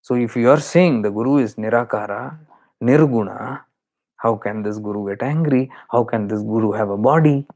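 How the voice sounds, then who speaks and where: A man's voice: medium pitch, moderate pace, darkish tone. A man with an Indian accent, a spiritual teacher explaining awareness in an earnest, repetitive way. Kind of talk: spiritual talk.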